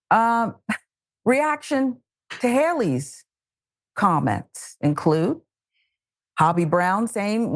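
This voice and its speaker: Sarcastic Southern woman, lively gravelly voice. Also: mid-range voice, moderate pace, no room sound, clean studio sound. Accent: Southern American. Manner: sarcastic, exasperated, emphatic. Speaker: host. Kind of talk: political commentary.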